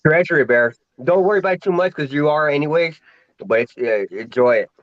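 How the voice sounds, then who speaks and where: A man's voice: fairly high pitch, animated, fairly quick, no room sound. A man chats with curiosity, wandering through his sentences with lots of "uh" and "like". The audio is dry and dull, like a lo-fi online call. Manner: rambling, curious, many fillers and restarts. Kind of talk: casual online voice chat.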